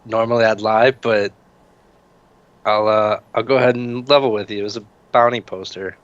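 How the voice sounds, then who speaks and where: A man's voice: on the low side, steady tone, moderate pace, no room sound, muffled recording. A man playing a tabletop game, joking and a little hesitant in his replies. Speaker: player. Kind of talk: casual tabletop play.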